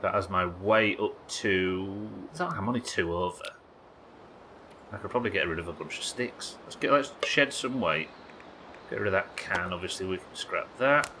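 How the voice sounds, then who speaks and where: British male streamer, low bright voice, chatty and joking, faint hiss behind. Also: moderate pace, rough recording. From United Kingdom. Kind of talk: casual gameplay commentary.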